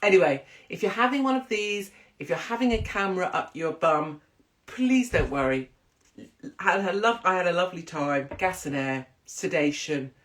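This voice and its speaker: A woman's voice: fairly low pitch, lively intonation, normal speed, fairly bright tone. A woman in a casual monologue, telling blunt, profane, rambling stories. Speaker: commentator.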